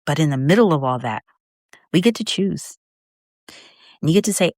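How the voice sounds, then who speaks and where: A woman's voice: sits low, expressive, moderate pace, long pauses, a little mellow, dry recording, studio quality. A middle-aged woman hosting a faith-based podcast, talking heartfelt and conversational to her listener, holding back tears. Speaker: podcast host.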